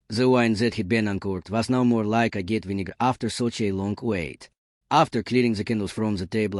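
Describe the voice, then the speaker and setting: A man calmly narrating a first-person story in an even storytelling manner. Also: fairly low pitch, no echo, studio quality.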